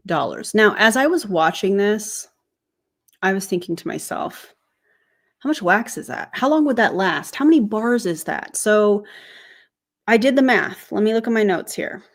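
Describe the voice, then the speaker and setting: A woman's voice: medium pitch, expressive, measured pace. A woman hosting a reaction commentary video, chatting to viewers and working through calculations step by step. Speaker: YouTube commentator.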